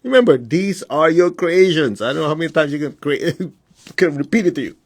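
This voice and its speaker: Husky-voiced man giving a spiritual talk. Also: lively intonation, a little fast. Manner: conversational, asks the audience whether it makes sense; mimics students in high voices. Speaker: spiritual teacher and healer. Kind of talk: casual spiritual teaching on a live stream.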